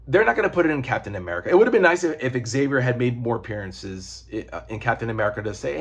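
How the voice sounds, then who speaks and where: A man talks through a comic collection in a loose, rambling way, with the odd swear word. His voice has a husky grain and sits at an ordinary middle pitch. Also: sing-song, fast talker, few pauses. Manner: rambling, profane, digressive. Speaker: comic book reviewer. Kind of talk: casual chat.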